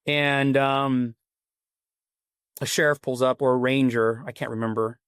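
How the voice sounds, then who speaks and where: A man's voice: medium pitch, steady tone, unhurried, a bit bright, clear, resonant tone, dry recording. Male podcast guest, casual rambling storyteller, mid-range voice, dry studio sound. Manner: rambling, earnest, full of "like" and "you know". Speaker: podcast guest, company CEO.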